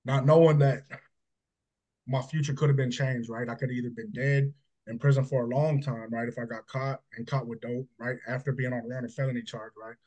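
A man's voice: medium pitch, a little mellow, highs cut off. A man as an interview guest, telling his faith testimony in an earnest, emotional, conversational way and often tagging phrases with a questioning "right?".

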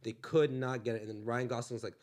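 A man's voice: mid-range voice, steady tone, fast. A man, a guest comedian, chatting casually on a podcast in a rambling, self-mocking way, his mouth numb from dental work.

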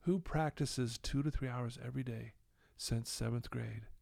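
A middle-aged man from Utah speaks earnestly as a podcast guest, his voice gravelly. He drops to a hushed tone when quoting others, recorded dry and close. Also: mid-range voice, normal speed, no echo. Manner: earnest storytelling, acts out quoted dialogue in a hushed voice. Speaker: guest telling his life story. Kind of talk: candid podcast conversation.

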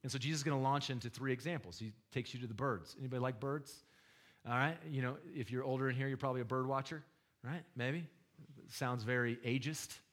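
A man's voice: mid-range voice, steady tone, fairly quick. A man preaching a sermon in a conversational style, joking with the congregation and asking them questions. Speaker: pastor.

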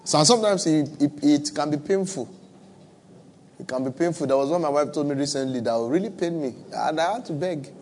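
A man's voice: fairly high pitch, brisk, darkish tone, a little hiss or hum. A man with a West African accent preaching a sermon to a church audience, conversational and humorous, repeating his phrases for emphasis. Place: church with live and online audience.

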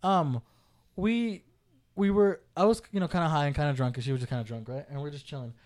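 A young man, a podcast co-host, telling a story in casual chat, swearing and loudly acting out quotes. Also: a little high, fast.

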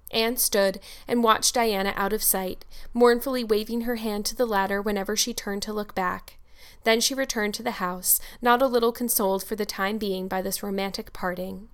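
A woman podcast host reading a classic novel aloud in a measured, expressive audiobook narration. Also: medium pitch, smooth.

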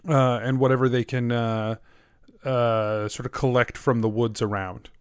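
Game master narration by a man, halting delivery, dry close sound. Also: medium pitch, level tone, clean tone, dry recording. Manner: halting, many fillers.

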